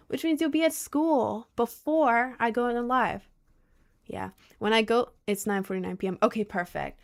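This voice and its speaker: A woman hosting a casual livestream and answering chat, gushing and playful, with squealing leaps in pitch. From United States. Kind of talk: casual live-stream chat.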